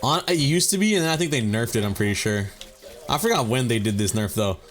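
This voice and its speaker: A man's voice: medium pitch, animated, fast talker. A man hosting a gaming let's play, rambling and cursing casually with lots of filler words and joking swagger. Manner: mock-serious swagger mixed with jokes. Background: faint game music.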